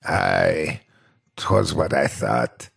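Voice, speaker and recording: A man voicing an old male pirate fox animatronic in a slow pirate drawl, gruff yet fond, in a spoken storybook. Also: a bass voice, animated, fairly bright tone, exaggerated voice. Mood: fond, gentle.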